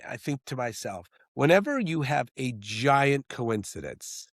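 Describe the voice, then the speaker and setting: A middle-aged man, a screenwriter and director, talking in an interview in an animated, rambling way with many restarts. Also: mid-range voice, a little slow, no room sound, clean studio sound. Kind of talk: interview conversation.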